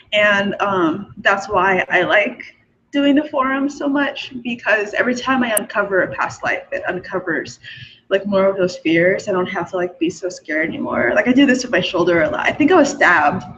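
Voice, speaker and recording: A woman's voice: mid-range voice, moderate pace, a bit bright, a little hiss or hum. A young woman in casual chat, giggling often and filling her talk with fillers. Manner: chatty, many fillers, frequent giggles. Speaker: forum host sharing spiritual beliefs. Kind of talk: casual monologue. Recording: dull lo-fi recording.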